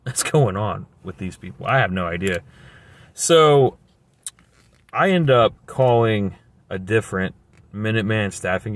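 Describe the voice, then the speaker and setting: A man telling a story in a casual, rambling, exasperated way, full of slang. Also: fairly low pitch. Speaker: vlogger.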